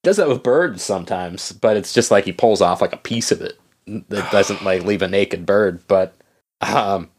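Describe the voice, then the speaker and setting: A man's voice: fairly low pitch, normal speed, husky. A man in casual chat about a video game, laughing often and swearing freely.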